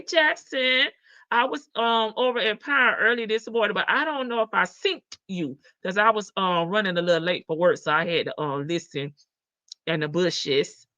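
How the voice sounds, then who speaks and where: A woman from the Southern United States hosts a livestream, laughing through casual, folksy gossip and calling her viewers "baby" and "child." She talks at normal speed in a slightly high, bright, forceful voice, with dull, dry lo-fi audio and no echo.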